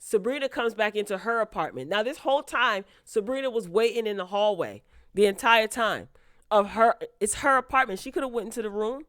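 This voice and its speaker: A woman's voice: medium pitch, lively intonation, brisk, a bit bright, no echo, clean studio sound. Exasperated woman recapping a TV episode. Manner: incredulous, exasperated commentary with sarcastic asides. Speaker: TV recap vlogger.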